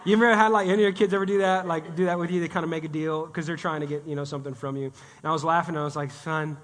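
High-voiced man preaching in a hall. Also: rapid-fire. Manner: animated, talks directly to the congregation. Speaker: guest pastor. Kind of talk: conversational sermon. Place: church sanctuary. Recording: long reverb of a church hall.

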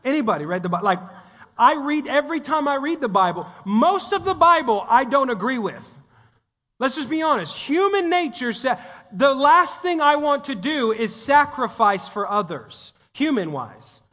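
Man, guest pastor, high voice, conversational sermon, addresses the congregation, long church-hall reverb. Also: moderate pace. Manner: animated, talks directly to the congregation. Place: church sanctuary.

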